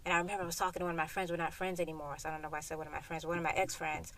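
A woman's voice: low-pitched, level tone, rapid-fire, fairly bright tone. Young woman venting on her podcast from her car, blunt, cussing a lot, heated. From Florida. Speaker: podcast host. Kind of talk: solo podcast rant. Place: inside a hot parked car.

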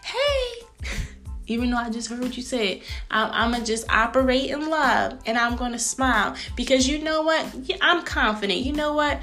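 A woman in her thirties hosting a faith-based business podcast, speaking in a lively, preachy way and calling her listeners sis. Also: a little high, normal speed, few pauses, faint music behind. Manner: animated, frequent laughs, acts out greetings. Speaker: podcast host.

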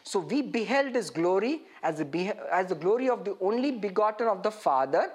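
A man preaching an interactive sermon, animated and putting questions straight to his listeners. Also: high voice, a little fast, slightly rough.

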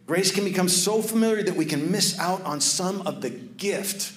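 A man giving a sermon. He tells a lively personal story, then drops to hushed, earnest tones. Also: high-pitched, moderate pace. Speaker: pastor. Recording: echoey room.

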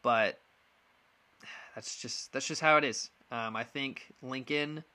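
Young male sports podcast host, bright voice, blunt and frustrated, loose casual delivery. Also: mid-range voice, slow. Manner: frank, frustrated, many ums and restarts. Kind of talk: casual opinion monologue.

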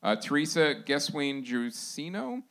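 A man hosting a podcast live, reading sponsor shout-outs in a loose, laughing, informal way. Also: a little high, big pitch swings, measured pace. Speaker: podcast host. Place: live show venue.

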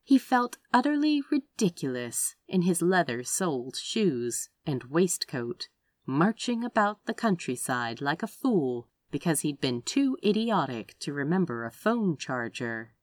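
Woman reading a story, low-ish voice, goes up and down a lot, dry close sound. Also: measured pace, dry recording. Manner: expressive, lively reading. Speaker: audiobook reader. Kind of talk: story narration.

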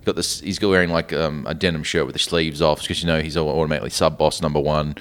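A man's voice: very deep voice, quick pace. A man in casual movie chat, telling the story with lots of laughter. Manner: lively storytelling, acts out characters, laughs. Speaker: podcast co-host.

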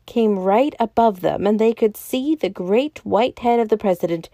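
Woman storyteller, calm even narration, relaxed warm voice, dry recording. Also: mid-range voice, normal speed, dry recording. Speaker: podcast storyteller. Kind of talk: scripted narration of a classic novel.

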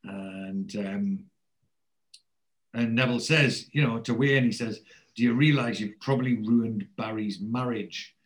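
A man in casual chat, retelling a TV episode and jumping into higher, louder voices for the characters he quotes. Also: measured pace.

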